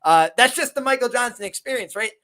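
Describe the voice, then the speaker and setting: A man hosting a live stream, telling an animated story in casual chat. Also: very high-pitched, fast talker. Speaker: host.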